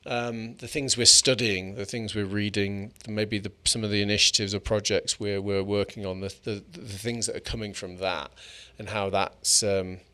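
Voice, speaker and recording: A man's voice: fairly low pitch, flat delivery, moderate pace, few pauses, bright, forceful tone, smooth. A man co-hosting a podcast in casual chat, musing tentatively and trailing off as he thinks. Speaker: podcast co-host.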